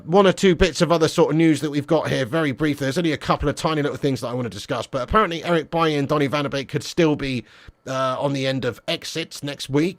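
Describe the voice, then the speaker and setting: A man's voice: a little high, a bit bright, no room sound. A man hosting a live-stream fan chat, talking in casual, slangy banter with the odd swear word. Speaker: football channel host.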